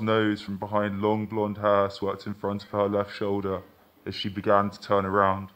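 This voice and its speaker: A man reading his own first-person short story aloud in a measured, intimate way. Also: on the low side, monotone, a bit bright.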